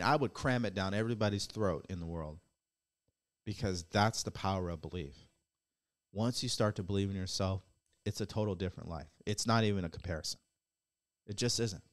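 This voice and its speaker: Man, podcast host, motivational monologue, blunt, preachy, casual swearing, rhetorical questions. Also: medium pitch.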